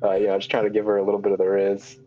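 A man playing in a tabletop role-play, talking haltingly with many restarts. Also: lowish voice, completely flat delivery, warm tone, dull audio, soft background music. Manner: halting, full of restarts and laughs. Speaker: player.

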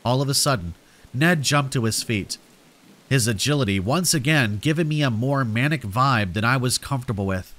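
A man reading a horror story aloud in a steady, measured narration meant for sleep. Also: medium pitch. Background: rain.

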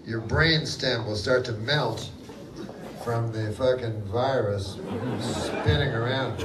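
A middle-aged man doing live stand-up with a deadpan, rambling delivery and mumbled fillers, heard in a large hall with a live audience. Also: mid-range voice, slow, recorded from a distance, noisy background. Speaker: stand-up comedian. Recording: roomy live hall, loud crowd laughter.

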